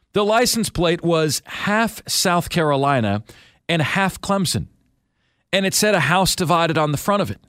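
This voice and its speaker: A man's voice: fairly high pitch, a bit bright, no echo, clean studio sound. A man hosting a casual sports radio show, joking and rambling through stories with a light Southern accent. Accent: light Southern, radio-neutral. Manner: chatty, joking, rambling storyteller. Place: radio studio.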